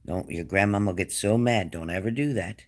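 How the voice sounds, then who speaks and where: A man giving a spirit-medium reading to a client, gentle and coaxing, repeating his phrases. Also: on the low side, brisk. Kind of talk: reassuring psychic reading to a client.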